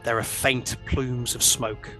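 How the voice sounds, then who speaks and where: A man running a tabletop game as dungeon master, narrating scenes in an unhurried, descriptive way. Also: mid-range voice, little pitch movement, sharp tone, faint music behind.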